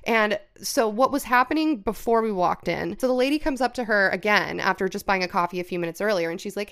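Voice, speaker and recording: A young woman co-hosting a podcast, telling a story in casual chat, animated, swearing often and acting out what people said. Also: mid-range voice, quick pace, few pauses, smooth. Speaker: podcast co-host.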